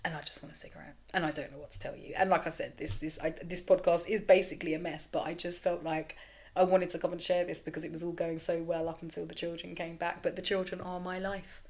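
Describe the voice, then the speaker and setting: A woman's voice: on the low side, level tone, fast, darkish tone. A woman in her thirties hosting a candid solo podcast, rambling frankly and self-deprecatingly, swearing freely. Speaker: podcast host.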